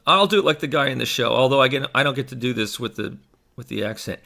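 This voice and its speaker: A man's voice: medium pitch, fast, gravelly, pushed and bright. A man who is a stage actor, chatting in a casual vlog in a rambling, self-mocking way into a desk microphone.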